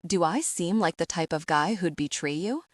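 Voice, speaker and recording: A woman's voice: fairly low pitch, lively intonation, normal speed, dry recording, clean studio sound. A woman narrator voicing a rugged, protective young man in an audiobook, speaking firmly and directly. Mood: earnest firm. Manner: firm and direct. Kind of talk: audiobook dialogue.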